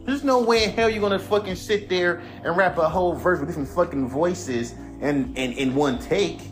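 A man's voice: sits high, moderate pace, music in the background. A man hosting his own podcast, a rapper ranting in a laid-back, rambling, profane way. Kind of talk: casual monologue.

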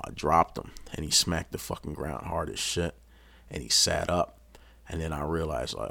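A man with a deep, gravelly voice tells a story as a podcast host. He rambles casually and swears constantly. The sound is dry and close. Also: moderate pace, pushed and bright, dry recording. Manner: profane, rambling.

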